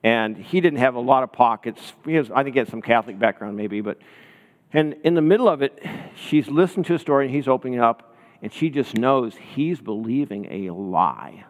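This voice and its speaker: A man's voice: mid-range voice, lively intonation, moderate pace, big-room sound. A man preaching a sermon in a conversational, storytelling way, often checking in with his listeners. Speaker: pastor.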